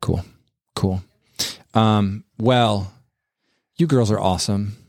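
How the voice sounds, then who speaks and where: Easygoing man, low dry voice. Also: slow, creaky, a little mellow, no room sound. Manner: easygoing, chuckling, many fillers and restarts. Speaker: pastor and podcast host. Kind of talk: casual podcast chat with children.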